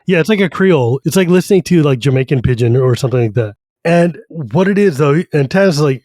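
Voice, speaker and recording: In this slightly high voice with no room sound, a man co-hosting a podcast recounts a fantasy novel with lively energy. It's a relaxed book chat, and he jumps into quick voices for the characters.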